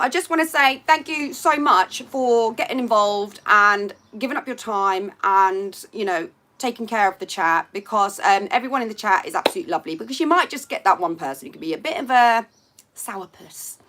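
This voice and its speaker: A woman's voice: fairly high pitch, expressive, normal speed, bright, forceful tone. A woman hosting a casual live stream from home by a window, chatting to viewers in a rambling way and reading out their comments.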